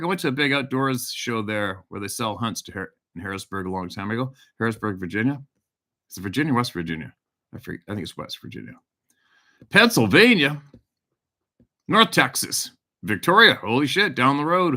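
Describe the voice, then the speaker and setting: A middle-aged Canadian man hosts a hunting show livestream, reading out viewers' locations and telling a loose hunting story full of casual swearing. His voice is medium-pitched, bright and forceful.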